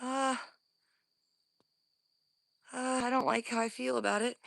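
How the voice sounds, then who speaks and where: A woman vlogging from the woods on her phone, scared and breathing heavily, often dropping to a hushed whisper. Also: mid-range voice, normal speed, gravelly, pauses often, no room sound. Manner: jittery, drops into hushed whispers. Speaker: paranormal vlogger. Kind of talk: live outdoor investigation vlog. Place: woods outdoors.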